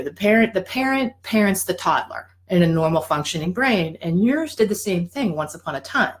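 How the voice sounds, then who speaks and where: A woman addiction coach teaching in a casual, animated way, acting out voices and checking in with her listeners. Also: lowish voice, normal speed, hardly any pauses, rough recording. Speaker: addiction professional and life coach.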